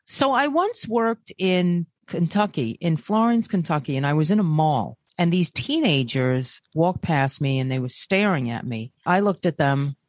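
A woman hosting a podcast, telling personal stories in a lively, chatty way and quick to react. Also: low-pitched, dry recording, clean studio sound. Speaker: podcast host. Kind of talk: casual chat.

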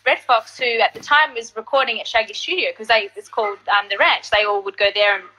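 A woman singer telling stories in an animated, casual way during an interview. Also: on the high side, brisk, rough recording. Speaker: singer and guest artist.

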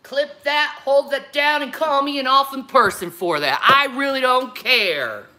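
Furious woman streamer, high animated voice, bright and sharp, swearing and repeating herself. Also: measured pace. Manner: profane, confrontational, repetitive. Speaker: livestreamer. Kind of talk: angry livestream rant.

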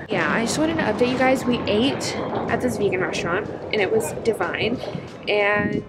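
A woman's voice: medium pitch, normal speed, rough recording. A young woman chatting casually to her camera as a vlogger, bubbly and chatty, often saying "literally" and "like". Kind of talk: casual vlog chat. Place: out and about in a city, then indoors at home. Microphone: handheld camera. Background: loud background music.

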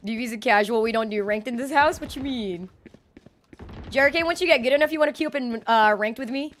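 A woman streaming a shooter game, talking loudly with a friend, swearing and laughing often. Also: on the high side, fast talker, a little hiss or hum. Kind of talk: casual gaming chat. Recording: game gunfire audible behind voice.

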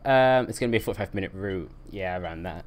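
A man's voice: deep voice, quick pace, a little hiss or hum. Chatty man live-streaming a game. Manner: chatty, reacts to chat, laughs often. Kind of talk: live-stream commentary while playing.

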